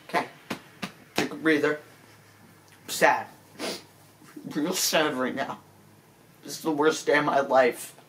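A man delivering a mock-serious apology monologue as a comedy vlogger. He stammers and sounds tearful and self-pitying, and his pleading breaks into sudden high, squeaky cracks. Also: slow pace, pauses often, fairly bright tone.

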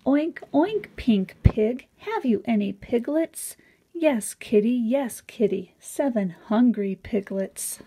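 Slow, breathy woman reading a picture book aloud. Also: fairly high pitch, dark tone. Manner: slow, sing-song read-aloud with lifted animal sounds. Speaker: reader of a children's picture book.

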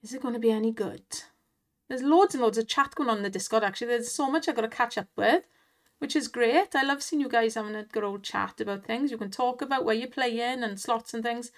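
A chatty Welsh woman with a fairly high voice talks through slot spins in a loose, casual way. She laughs often and urges the reels on. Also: a little fast. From Wales. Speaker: online slots streamer. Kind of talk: casual chat and commentary over gameplay.

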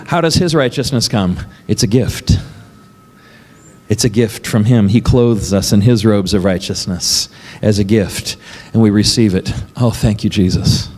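A man's voice: fairly low pitch, normal speed, a little mellow. A man pastor preaching a sermon in a conversational way, often asking the congregation questions and laughing between points. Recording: church hall with long reverb.

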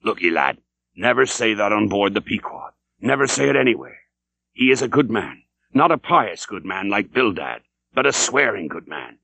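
Old whaling captain, stern and earnest, lively emphatic delivery, played by a male narrator. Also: fairly low pitch, normal speed, vocal fry, husky, no room sound, exaggerated voice. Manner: stern, archaic seafaring speech. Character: gruff older male sea captain, earnest warning. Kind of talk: audiobook character reading. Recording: dull dry recording.

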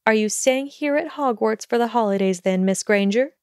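A woman voicing a calm, steady older headmistress witch in a storybook reading, speaking evenly and measuredly. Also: fairly high pitch, clear, resonant tone, no room sound, clean studio sound, close to an everyday voice. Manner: even, measured delivery.

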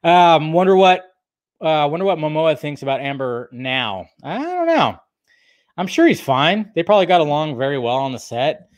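A man's voice: fairly high pitch, big pitch swings, normal speed, no echo. A man hosting a casual livestream, reading and answering chat in a rambling, laid-back way. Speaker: YouTube host answering live chat.

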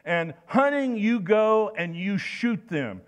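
A man's voice: high-pitched, sing-song, slow. An older man preaching a sermon in a folksy, anecdotal way, telling stories with frequent restarts.

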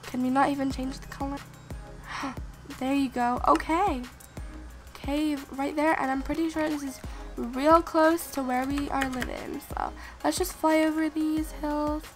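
A sick woman giving excitable let's-play gameplay commentary as a channel host, gasping and exclaiming and talking straight to her viewers. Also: high voice, a little slow, music in the background. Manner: excitable, gasps and exclaims, addresses viewers directly.

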